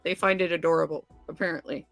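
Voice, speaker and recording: Gravelly, bright-voiced woman podcast host. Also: deep voice, fairly even intonation, quick pace, no room sound, soft background music. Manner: chatty, loose and offhand. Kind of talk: casual chat.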